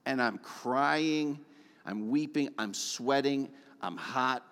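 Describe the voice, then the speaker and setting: A man's voice: medium pitch, slow, fairly bright tone, clean tone. Earnest male preacher in a reverberant hall. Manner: earnest, emotional storytelling. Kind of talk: sermon testimony.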